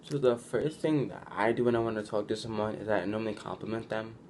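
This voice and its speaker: Fairly low in pitch with a darkish tone, this young man talks fast and keeps his intonation fairly even. He's a vlogger giving loose, conversational advice, using "like" constantly, restarting sentences, and acting out quotes, with a slight hiss or hum in the recording.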